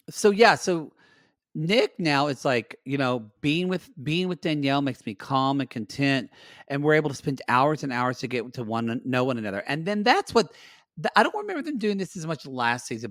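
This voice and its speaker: A man's voice: a little high, sing-song, normal speed, fairly bright tone, no room sound, studio quality. A man co-hosting a podcast, recapping a reality show in casual chat, rambling with restarts and acting out quotes. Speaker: podcast co-host.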